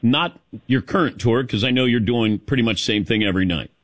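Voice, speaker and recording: A man hosting an interview, easygoing and quick to laugh as he asks questions. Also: mid-range voice, no echo. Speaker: interviewer, host. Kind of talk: casual interview chat.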